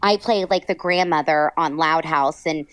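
A woman's voice: low-pitched, moderate pace, fairly bright tone, clear, resonant tone. A woman from Texas, a voice actor chatting in an interview, bubbly and gushing, with lots of "like". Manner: bubbly, gushing, heavy use of "like". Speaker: voice actor guest. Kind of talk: casual interview chat.

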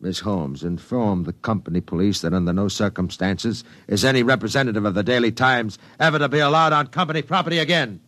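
An actor playing a domineering, ruthless business tycoon in a 1950s radio drama, giving curt, clipped orders. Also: male voice, fairly low pitch, brisk, few pauses, a bit bright, natural voice. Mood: imperious.

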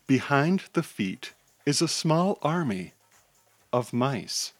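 A man narrating a children's superhero story with an animated, theatrical delivery, and hosting the podcast. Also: medium pitch, takes it slowly, no room sound.

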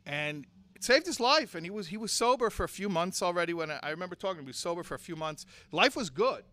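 A man teaching and preaching to a community audience, moving from hushed storytelling to forceful, impassioned exhortation. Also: sits high, expressive, fast. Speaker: Torah teacher and speaker.

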